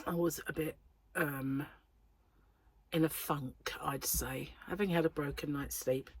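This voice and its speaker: This English woman's voice is deep, steady, a little slow and slightly rough as she chats on her crochet vlog. She rambles with lots of ums, her throat not quite recovered, and there's no echo.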